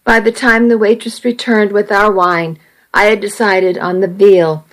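A woman reading a first-person romance story aloud in a steady, measured way. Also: medium pitch, rough recording.

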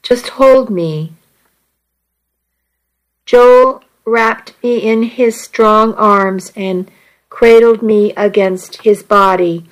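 A woman softly narrating a first-person romance story in an intimate reading voice. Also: mid-range voice, fairly even intonation, takes it slowly, rough recording.

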